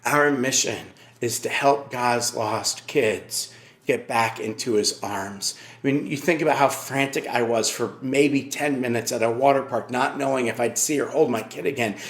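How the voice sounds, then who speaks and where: A man's voice: medium pitch, moderate pace, reverberant. A male pastor, likely middle-aged, preaching a sermon and telling an earnest personal story, repeating key phrases.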